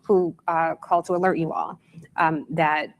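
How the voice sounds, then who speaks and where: A woman interviewing guests, recapping a timeline in a measured, deliberate way before asking her question. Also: low-pitched, steady tone, gravelly.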